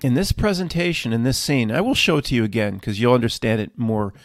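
A man's voice: medium pitch, quick pace, no room sound, studio quality. A man giving casual video commentary in an earnest, emphatic way, laying out a theory.

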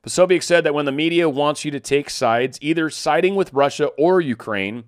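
A man's voice: a little high, normal speed, clear, resonant tone, dry recording, studio quality. A man hosting casual news commentary, reading stories and tossing in sarcastic asides, stumbling over foreign names. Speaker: political commentary host.

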